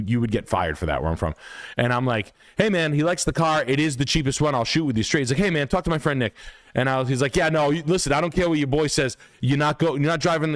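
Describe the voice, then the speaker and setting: A man's voice: fairly low pitch, no echo, studio quality. A man hosting a live stream, telling a story casually with lots of swearing and acting out both sides of an argument. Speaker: realtor and stream host.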